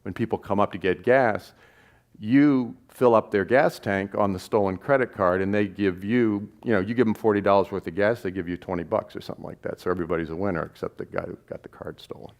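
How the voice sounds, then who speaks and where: A man's voice: lowish voice, brisk. A man, a documentary filmmaker, telling a story to an audience in a rambling, self-correcting way with chuckles between lines. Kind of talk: live spoken storytelling.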